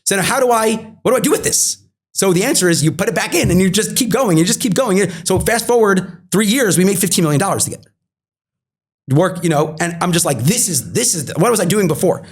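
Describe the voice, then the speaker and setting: A man in his thirties talks quickly as an interview guest, his voice sitting high. He tells his story with animation and plays out both sides of old conversations. He repeats key phrases for emphasis. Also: animated, slightly rough.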